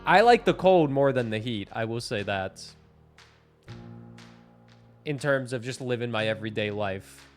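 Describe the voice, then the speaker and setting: Young man from Canada, chatty gameplay commentary, loud game music underneath. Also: mid-range voice, expressive, unhurried, long pauses. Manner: chatty, joking, swearing. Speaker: streamer. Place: home, indoors.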